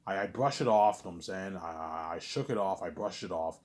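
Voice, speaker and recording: A man's voice: low-pitched, expressive, brisk, darkish tone. A young man rambling to camera in a monologue, stammering and repeating himself, trailing off on a mumbled "obviously.". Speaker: vlogger.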